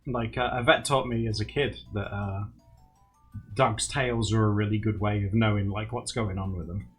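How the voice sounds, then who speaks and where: A man's voice: on the low side, fairly even intonation, normal speed. A young man livestreaming to viewers in casual, rambling chat. He laughs often and acts out quotes. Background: faint music.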